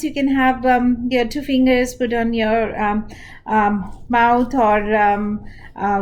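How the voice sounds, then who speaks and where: Patient woman teacher with Indian English accent. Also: mid-range voice. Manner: unhurried, explaining step by step with pauses. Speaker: preschool teacher. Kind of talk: instructional talk to parents and teachers.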